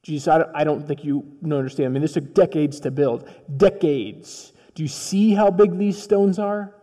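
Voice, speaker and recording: A man voicing puzzled, plain-spoken ordinary men who question their teacher, in a quiet, bewildered tone. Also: a little high, normal speed, close to an everyday voice. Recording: long reverb of a large hall.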